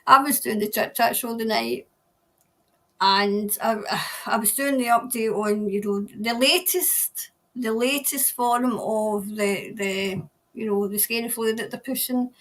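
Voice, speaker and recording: Woman, live-stream tarot host, casual rambling chat, quick laughs, higher voice. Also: fairly bright tone. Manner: chatty and rambling, laughs often, trails off mid-sentence.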